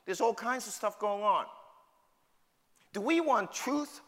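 A man's voice: high voice, sing-song, normal speed, sharp tone. A middle-aged man with a New York City accent preaching a sermon, emphatic and full of rhetorical questions. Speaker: pastor. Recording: long hall reverb.

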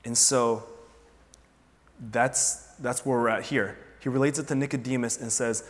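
A man's voice: mid-range voice, unhurried. Conversational man preaching in a reverberant hall. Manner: conversational, animated preaching with rhetorical questions. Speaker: pastor. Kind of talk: sermon.

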